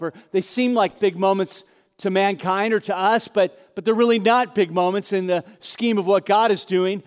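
A man preaching a sermon, telling the story in an animated, conversational way and acting out the dialogue. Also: high-pitched. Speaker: pastor. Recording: long hall reverb.

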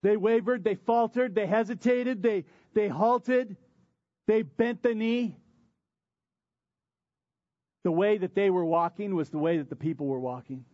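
Preaching man with a high voice. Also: a little slow, long pauses, a little mellow, no echo, highs cut off. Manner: preaching with emphatic repetition and rhetorical questions. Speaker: pastor. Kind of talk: sermon.

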